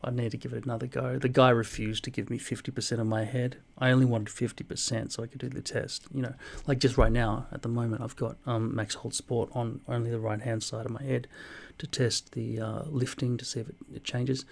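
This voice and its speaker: A man in his forties reading out viewer comments and answering them in a dry, deadpan way, with plenty of swearing. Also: medium pitch, a little fast, gravelly, few pauses. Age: 40s. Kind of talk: casual comment-reply vlog.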